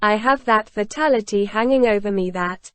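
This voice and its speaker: A woman's voice: mid-range voice, moderate pace, fairly bright tone, no room sound, lightly acted. Woman voicing a guilt-crushed aging ex-convict, solemn confessional tone, storybook reading. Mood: anguished. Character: remorseful aging ex-convict man, tormented.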